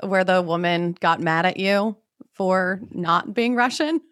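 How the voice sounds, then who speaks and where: A woman's voice: on the low side, measured pace, fairly bright tone. A woman co-hosting a podcast who curiously prompts her guest to tell his stories. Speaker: podcast co-host. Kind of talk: interviewing a guest.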